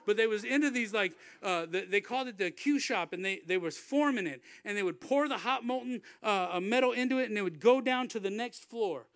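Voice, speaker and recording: A middle-aged man preaching from a pulpit, telling a story in a conversational way, repeating words and often dropping to a hushed tone. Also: high voice, lively intonation, a little fast, hardly any pauses, no echo. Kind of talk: sermon storytelling. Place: church.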